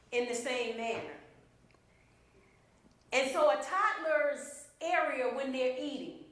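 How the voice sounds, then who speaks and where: Lady preacher, slow and deliberate, real high voice, big echo like a church. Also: a bit bright. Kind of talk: sermon. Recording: very echoey room.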